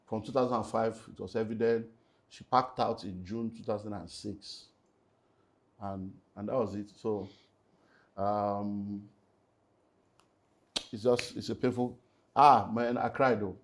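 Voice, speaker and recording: A middle-aged Nigerian man, a pastor, telling an earnest, animated personal story in an interview and slipping into Pidgin. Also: fairly low pitch, measured pace, long pauses. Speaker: pastor and relationship speaker.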